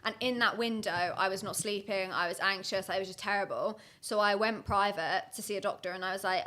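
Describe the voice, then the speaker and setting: A young woman, a podcast guest talking in a fast, rambling casual way full of likes. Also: mid-range voice, fairly even intonation, bright, forceful tone. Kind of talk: casual chat.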